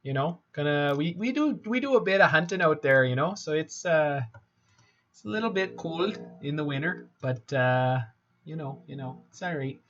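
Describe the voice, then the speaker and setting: A man's voice: fairly high pitch, expressive, normal speed, a bit bright, soft background music. A man voicing a folksy rural northern Canadian hunter who drawls and keeps saying "you know". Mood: easygoing. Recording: slightly muffled with faint hiss.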